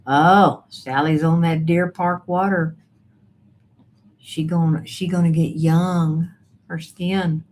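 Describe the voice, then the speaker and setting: This woman's voice is lowish, slow, a little mellow, with fairly even intonation. She's hosting a casual home livestream, chatting, reading the chat, and welcoming viewers by name, while faint background noise can be heard.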